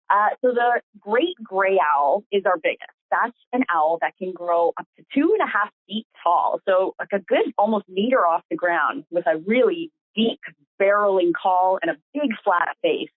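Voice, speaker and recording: A woman's voice: medium pitch, dry recording. A woman biologist giving a friendly presentation on a conference call. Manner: friendly, mimics owl calls. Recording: tinny phone line, dry.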